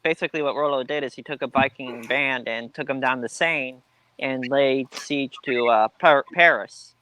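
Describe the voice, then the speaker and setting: A man's voice: medium pitch, moderate pace, sharp tone, no room sound, poor audio. A man chatting on a video call as a guest, rambling through history with many ums and self-corrections. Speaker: guest, a heathen polytheist. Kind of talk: casual group chat.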